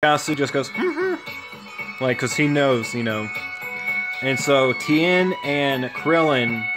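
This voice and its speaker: A man casually retelling a cartoon story, rambling and halting with lots of fillers. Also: medium pitch. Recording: music playing under the voice.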